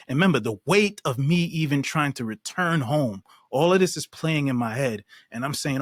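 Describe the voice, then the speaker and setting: A man's voice: medium pitch, animated, moderate pace, few pauses, no echo. Guy on a podcast telling his story, earnest and emphatic, dry close sound. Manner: earnest, emphatic retelling with acted-out quotes. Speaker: podcast guest. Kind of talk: personal storytelling.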